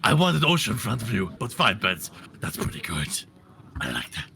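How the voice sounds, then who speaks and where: A man voicing a simple, easily delighted adventurer in a tabletop role-play, with broken grammar and a slow, gleeful drawl. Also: fairly low pitch, big pitch swings, creaky, pushed and bright, a little hiss or hum, heavily acted.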